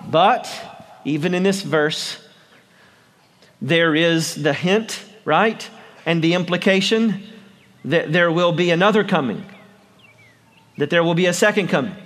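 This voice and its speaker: Slow, high-voiced preaching man. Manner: preaching with slow emphatic stresses and repetition. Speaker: pastor. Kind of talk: outdoor Easter sermon. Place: outdoors on a town square.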